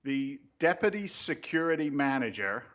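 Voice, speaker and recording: A man's voice: medium pitch, sing-song, normal speed, fairly bright tone. Joking man on a tinny mic. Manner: joking storyteller, British slang. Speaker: co-host. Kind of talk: casual chat.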